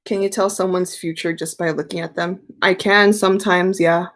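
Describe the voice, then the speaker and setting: A woman's voice: lowish voice, steady tone, normal speed, fairly bright tone. A young woman chats loosely on her live stream about tarot, reading out viewer questions as they come in. She answers frankly and easily, like she is talking with friends. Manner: chatty, candid, reads viewer questions aloud and answers them.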